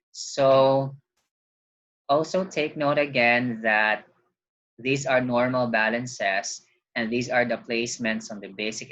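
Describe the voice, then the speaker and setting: A man's voice: mid-range voice, a bit bright. A man giving a recorded accounting lecture, explaining patiently step by step and stopping often to remind listeners of key points. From Philippines. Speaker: accounting teacher. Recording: dull lo-fi recording.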